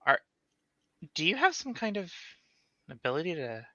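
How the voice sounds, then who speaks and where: Player doing a stammering young vampire woman, bright voice, dull mic. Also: medium pitch, sing-song, moderate pace, dry recording. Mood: flustered. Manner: stammering, flustered.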